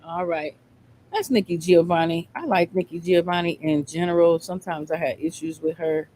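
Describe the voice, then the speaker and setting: A man's voice: fairly high pitch, moderate pace, darkish tone, a little hiss or hum. Laid-back man hosting a reaction show. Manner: laid-back, conversational, slangy. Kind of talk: casual commentary.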